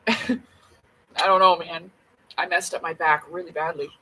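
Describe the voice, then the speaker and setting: A woman's voice: fairly low pitch, steady tone, a little slow, pushed and bright, slightly rough, low-quality recording. A woman chatting casually to camera at home, blunt and rambling, with plenty of swearing. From Canada. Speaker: vlogger.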